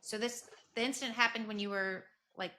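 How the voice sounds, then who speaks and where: A woman hosting a podcast, asking soft, sympathetic follow-up questions. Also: a little high, steady tone, brisk. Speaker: podcast host. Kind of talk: interview questions.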